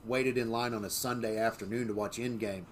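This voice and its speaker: A man's voice: on the low side, fairly even intonation, a little fast. Chatty man telling stories, faint hiss. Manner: storytelling, many fillers and restarts. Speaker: podcast co-host. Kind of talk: casual chat.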